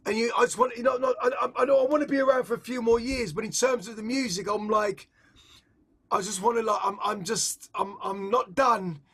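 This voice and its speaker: Middle-aged English man, high-pitched, rambling and intense interviewee. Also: fairly even intonation, brisk, fairly bright tone, husky. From England. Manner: rambling, restarts and repeats words, intense. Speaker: interviewed artist. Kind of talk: reflective casual conversation.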